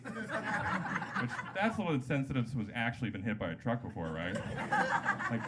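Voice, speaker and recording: Stand-up comic, male, lively swinging pitch, loud crowd noise over a live club recording. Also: fairly quick, long pauses. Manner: loose, jokey delivery with sudden loud voiced-up quotes. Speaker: stand-up comedian. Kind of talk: stand-up set. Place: comedy club stage. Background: loud audience laughter.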